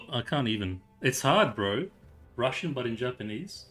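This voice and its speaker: A man's voice: medium pitch, big pitch swings, normal speed, fairly bright tone, faint music behind. Chatty male streamer reading game text. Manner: chatty, rambling, reads game dialogue aloud. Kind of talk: casual gameplay commentary and story read-aloud.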